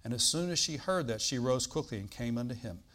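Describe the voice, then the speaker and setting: Animated male preacher reading scripture. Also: medium pitch, brisk. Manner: animated preaching, bursts loud on quoted lines then drops quiet; reads old-style scripture, asides with "all right?". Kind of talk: sermon, reading and explaining scripture.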